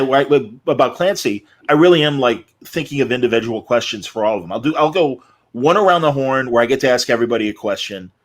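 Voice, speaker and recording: Rambling, joking man on a podcast. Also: medium pitch. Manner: rambling storyteller, puts on silly voices. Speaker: podcast co-host. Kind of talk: casual chat.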